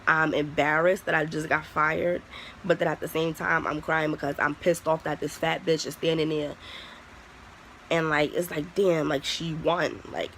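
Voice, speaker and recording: A young adult vlogger talks straight to camera in a loose storytime style, blunt and full of swearing. The voice has a gravelly, creaky edge and sits in a middle pitch. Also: a bit bright, a little hiss or hum, rough recording. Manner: candid, profane, heavy use of "like". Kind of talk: casual storytime vlog.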